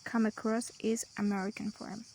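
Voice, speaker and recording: A woman teaching English vocabulary, slowly listing word pairs one after another. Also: medium pitch, level tone, gravelly, darkish tone, a little hiss or hum, low-quality recording. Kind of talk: vocabulary lesson.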